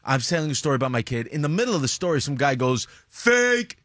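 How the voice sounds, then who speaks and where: A man, a stand-up comedian, telling a story in casual chat on a podcast, jumping into high voices to quote people. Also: rapid-fire, noisy background. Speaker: comedian guest.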